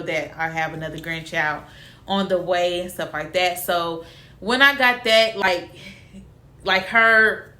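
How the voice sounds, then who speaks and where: A young woman, casually telling a personal story and acting out the voices of family members. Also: on the low side. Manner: animated, acts out quotes of family. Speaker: vlogger. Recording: echoey room.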